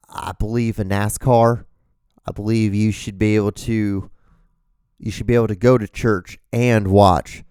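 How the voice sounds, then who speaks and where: A man in his thirties hosting his own show, rambling excitably in a casual, profane monologue. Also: on the low side, clear, resonant tone, dry recording, clean studio sound. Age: 30s. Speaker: show host.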